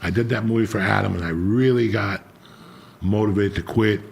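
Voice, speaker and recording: A man's voice: lowish voice, normal speed, vocal fry, a little mellow, slight background noise. A middle-aged man telling a blunt, profanity-heavy personal story in casual chat as a podcast host.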